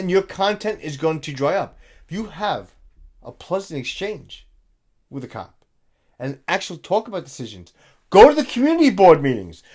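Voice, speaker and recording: A middle-aged man giving blunt, profane reaction commentary in a lecturing tone. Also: sits high.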